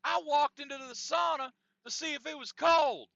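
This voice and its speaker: A man voicing a belligerent, defensive male gym-goer who shouts crude insults, on a dull, lo-fi, dry recording. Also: extremely high pitch, normal speed, gravelly, dry recording, pitched above the performer's own voice, exaggerated voice.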